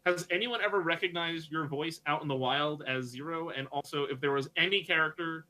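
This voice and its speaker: A man's voice: a little high, fairly quick, sharp tone, low-quality recording. A man interviewing a guest in a casual chat, friendly and chatty, often restarting his sentences. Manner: chatty, friendly, self-correcting.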